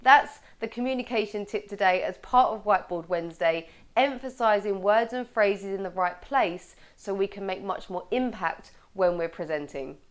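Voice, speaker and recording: An upbeat woman coaching viewers on how they speak, with a lively delivery. She leans hard on the key words and keeps a steady, mid-range voice. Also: medium pitch, normal speed, few pauses. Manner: lively, bright presenting with clear stressed words. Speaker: communication coach. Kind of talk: presenting a video tip.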